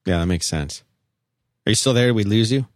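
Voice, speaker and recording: A man's voice: on the low side, lively intonation, brisk, slight background noise. A man hosting a radio call-in show, chatting casually and upbeat with callers. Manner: upbeat, laughs easily with callers.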